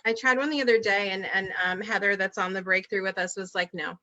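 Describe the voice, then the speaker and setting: A woman's voice: medium pitch, fast talker, bright, forceful tone, highs cut off. A woman with a New England accent co-hosting a casual chat, self-deprecating and laughing in the middle of her sentences. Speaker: guest co-host.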